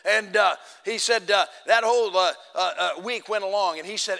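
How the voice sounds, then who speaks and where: A man preaching, telling a story with lively quoted voices and loud outbursts. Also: high voice, a little fast, gravelly, big-room sound. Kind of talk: sermon storytelling.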